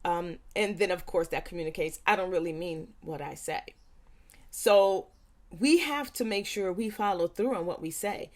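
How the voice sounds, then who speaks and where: A woman parent educator speaking earnestly to parents, stressing points by repeating them and acting out quick quoted lines. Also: on the low side. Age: young adult. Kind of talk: talking to parents.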